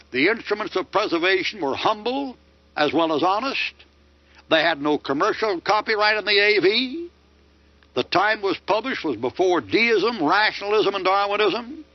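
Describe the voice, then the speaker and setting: Older man, combative preacher, high animated voice, dull lo-fi sound. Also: dry recording. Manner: combative, rhetorical questions with mocking answers. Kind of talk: sermon lecture. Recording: dull lo-fi dry recording.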